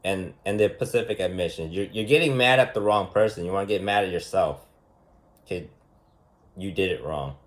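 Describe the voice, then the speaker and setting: A man's voice: low-pitched, a little fast. A man giving a casual, unscripted monologue lesson as a vlogger, rambling and emphatic, repeating himself and asking rhetorical questions.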